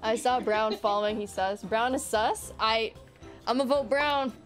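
Young woman with a high voice gabbing over her game, game music playing behind her. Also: a little slow. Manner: chatty, accusing other players playfully. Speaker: gaming video host. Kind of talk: casual excited game commentary.

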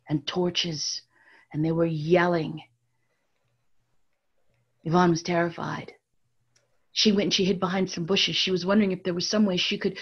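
A woman storyteller with a middle-pitched voice tells a story with plenty of drama. She rises high and bright, then drops to hushed near-whispers, and often turns to speak right to her listeners. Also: breathy edge. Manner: addresses the audience directly. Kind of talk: oral storytelling lecture.

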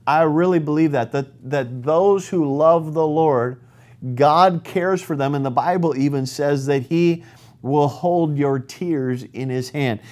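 A man's voice: on the high side, unhurried, a little mellow. A male pastor preaching a sermon in an earnest, emphatic way, reading scripture aloud and drawing out key words.

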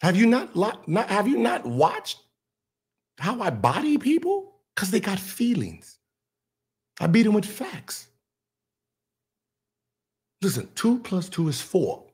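A man raised in California, hosting his show and reacting to a clip in casual chat, profane, boastful and quick to laugh. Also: high-pitched, huge pitch swings, darkish tone, husky.

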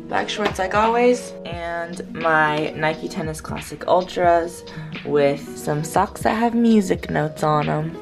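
A man's voice: on the high side, creaky. A young man chatting casually to camera as a vlogger, giggly and full of "like" fillers. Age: young adult. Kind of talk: casual vlog chat.

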